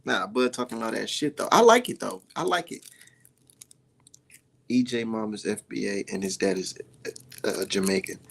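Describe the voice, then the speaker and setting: A man's voice: fairly low pitch, moderate pace, creaky, pauses often, a bit bright. A man giving loose, profane reaction commentary, often breaking into laughter and mockery. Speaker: online commentator.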